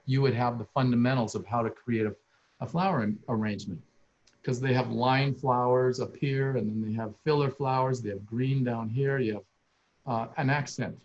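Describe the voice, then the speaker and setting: A man's voice: mid-range voice, a little mellow, muffled recording. An older man, a landscape architect, sharing heartfelt stories as a guest speaker on a video call, tearful and rambling with many restarts. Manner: emotional, rambling, with frequent restarts. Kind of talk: heartfelt personal storytelling.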